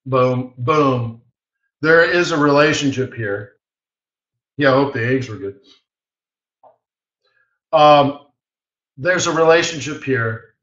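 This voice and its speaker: A man with a mid-range voice hosts a live trading webinar in an echoey room, with the high frequencies cut off. He's an animated anecdote teller who laughs often and acts out the voices he quotes.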